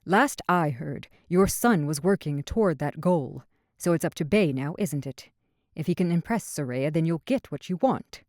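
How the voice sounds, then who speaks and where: A woman's voice: deep voice, animated, a little mellow, no room sound, clean studio sound. A woman reading an exasperated king. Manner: exasperated, quick. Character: impatient middle-aged male king.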